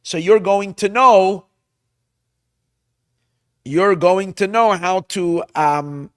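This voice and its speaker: A man, a rabbi teaching a class, retelling a Bible story with Hebrew translations in an animated way, often restarting his phrases. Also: high-pitched, drawn-out words, clear, resonant tone, dry recording. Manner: animated storyteller, acts out lines loudly; restarts and repeats words often.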